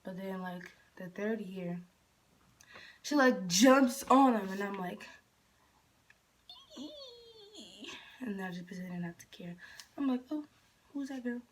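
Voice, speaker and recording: In a casual vlog, a young Michigan woman tells a story at a slightly slow pace, rambling as she goes. She often slips into a whisper, and her pitch jumps up when she quotes herself.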